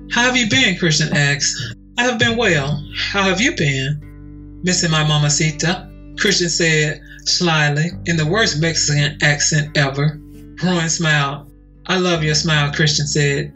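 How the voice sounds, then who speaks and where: A man co-hosting a podcast, reading a romance story aloud and lifting his pitch a little for the characters' lines. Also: bright, forceful tone, poor audio.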